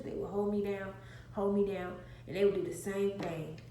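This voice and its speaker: A woman with a medium-pitched, warm, steady voice earnestly shares a personal testimony with her viewers at a normal speed, often repeating phrases for emphasis. She's an adult vlogger with an infant, telling an emotional story in an echoey room with faint noise.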